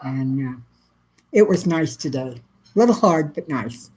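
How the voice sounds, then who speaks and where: A middle-aged woman with a slightly low voice hosts a casual livestream from Texas. She talks softly and warmly to her viewers, reading their comments and greeting each of them by name. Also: lively intonation, unhurried, low-quality recording. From South Central Texas. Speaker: livestream host.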